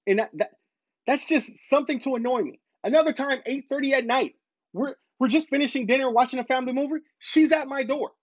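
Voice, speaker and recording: A man's voice: very high-pitched, a little fast, dry recording, lo-fi sound. A man telling a personal story to camera in a casual monologue, stressing points by repeating them. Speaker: parent vlogger.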